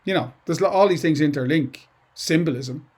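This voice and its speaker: A man's voice: on the high side, moderate pace, a little mellow, slightly rough. Chatty, digressive male English teacher. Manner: chatty and digressive, with asides and restarts. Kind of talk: informal lesson to students.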